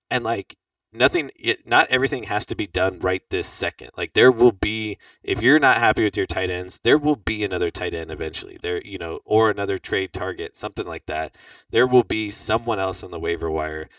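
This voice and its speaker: A man's voice: lowish voice, moderate pace, fairly bright tone, dry recording, distant mic, highs cut off. A young man hosting a podcast, chatting in a loose, rambling way with lots of fillers. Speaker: podcast host. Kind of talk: casual chat about fantasy football.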